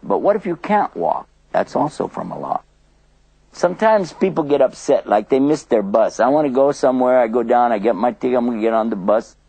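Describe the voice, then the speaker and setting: Gravelly, animated older male preacher. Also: mid-range voice, fairly quick, no echo, poor audio. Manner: animated, acts out little scenes in different voices. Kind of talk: children's religious storytelling lecture.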